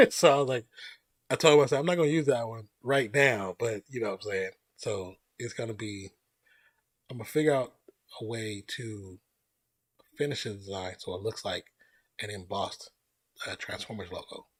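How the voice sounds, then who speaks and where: A man's voice: on the low side, moderate pace, long pauses, husky, no echo. A man hosting a live stream, chatting loosely and greeting viewers as they join. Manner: relaxed, rambling, greets chat viewers by name. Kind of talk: casual live stream chat.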